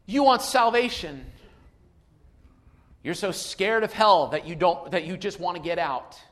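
A man preaching a sermon without notes, moving between quiet asides and loud emphatic calls. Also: sits high, a little slow. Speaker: pastor.

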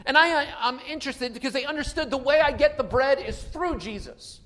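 A pastor preaches without notes in a very high-pitched voice at a fairly quick pace. He shifts between quiet asides and loud, emphatic calls.

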